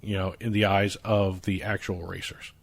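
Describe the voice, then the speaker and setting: A man's voice: low voice, level tone, moderate pace, creaky. A man with a New Jersey accent, co-hosting a sports podcast and walking through the news stories in casual chat. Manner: explains news stories at length, some restarts. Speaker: podcast co-host.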